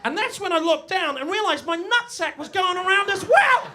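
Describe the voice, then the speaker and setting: A man in his forties performing a stand-up comedy set in a village pub, swinging between booming and hushed storytelling. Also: expressive, normal speed, hardly any pauses, background noise. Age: 40s. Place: village pub before a live audience.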